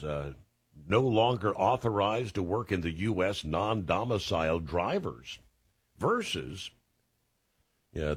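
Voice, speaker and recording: A low-pitched man hosts a late-night call-in radio show. His speech rises and falls a lot, and the tone is slightly husky. The recording is dry and close to the mic. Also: no room sound. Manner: folksy, drawling, with many fillers. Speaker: radio talk show host. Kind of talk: casual call-in radio talk.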